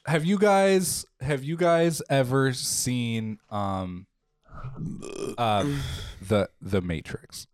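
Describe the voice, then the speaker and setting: A man's voice: mid-range voice, drawn-out words, smooth, dry recording, studio quality. A young man hosting a podcast, talking casually and rambling with lots of fillers. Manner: rambling, filler-heavy, joking. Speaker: podcast host. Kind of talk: casual chat.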